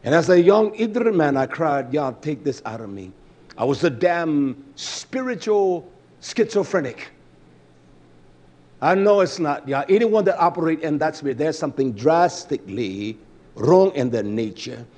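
Male preacher, fairly high-pitched, fiery and blunt, swings between shouting and muttering. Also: animated, normal speed. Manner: blunt, salty language. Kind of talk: sermon.

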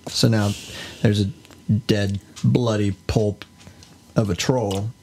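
A man's voice: fairly low pitch, steady tone, takes it slowly, gravelly, a little mellow, a little hiss or hum. A man co-hosting a podcast, telling a fairy tale in a laid-back, jokey way. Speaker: podcast co-host. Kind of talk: casual comedic storytelling.

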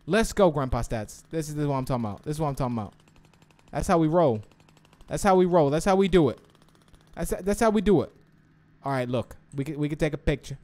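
A man hosting a live game stream, excitably commenting and reading viewers' chat aloud. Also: on the high side, fairly quick, pauses often. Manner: excitable, reads chat aloud, swings from shouts to mumbles. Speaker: livestream host.

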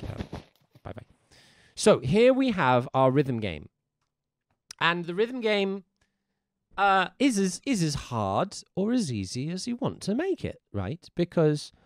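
Male music teacher, livestream lesson: gravelly tone, very animated pitch, dry close sound, playful and encouraging. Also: dry recording. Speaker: music teacher streaming live.

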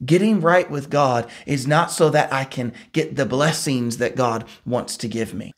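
A man teaching a Bible study. He reads scripture and retells it in an earnest, lively paraphrase. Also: fairly high pitch.

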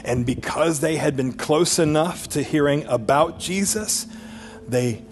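A man preaching a sermon as pastor, animated, swinging between loud bursts and low, intimate passages. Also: measured pace, slight background noise.

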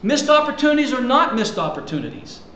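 A man's voice: very high-pitched, very animated, quick pace, pushed and bright, echoey room, a little hiss or hum, poor audio. A man preaching a sermon as pastor, talking conversationally and emphatically, throwing out rhetorical questions to his congregation. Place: church sanctuary.

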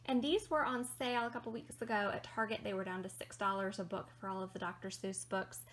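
A woman's voice: medium pitch, fairly even intonation, quick pace, slight background noise. A young woman vlogger chatting casually and upbeat as she shows items to camera, with frequent ums. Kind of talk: casual show-and-tell vlog.

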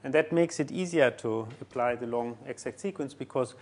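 Halting man giving a math lecture. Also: mid-range voice, a little mellow. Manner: halting, many fillers and restarts while writing.

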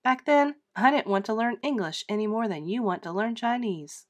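A woman's voice: on the high side, normal speed, voice pushed up, close to an everyday voice. A woman playing a hearty old grandmother. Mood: amused. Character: warm good-humored elderly grandmother.

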